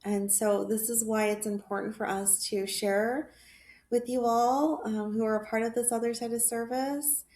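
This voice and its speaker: A woman hosting a podcast interview, speaking in an earnest, halting way with fillers. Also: on the high side, steady tone, a little mellow, reverberant. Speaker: podcast host. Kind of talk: heartfelt interview talk.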